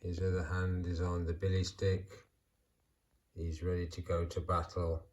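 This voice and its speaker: A man in middle age hosts a hobby vlog, narrating as he poses figures. His voice sits a little low and he talks slowly, as if musing aloud to himself. The delivery stays calm and unhurried. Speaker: toy figure channel host. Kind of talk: casual vlog narration while posing figures.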